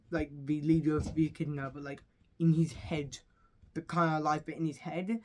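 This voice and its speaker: A man's voice: on the high side, darkish tone. Rambling British man reviewing a show. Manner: rambling, full of fillers and asides. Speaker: home-video reviewer.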